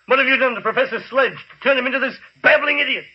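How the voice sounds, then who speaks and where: A man's voice: very high-pitched, fast talker, breathy edge. An actor playing an earnest, anxious man in a 1950s radio drama, speaking urgently. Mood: alarmed. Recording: lo-fi vintage radio recording.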